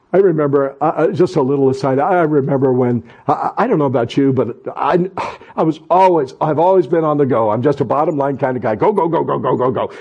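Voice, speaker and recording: A middle-aged man delivers a sermon in a husky, slightly high voice. He is fervent and repetitive, pressing his phrases harder as he exhorts, and he restarts his sentences during casual asides. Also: lo-fi sound. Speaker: pastor.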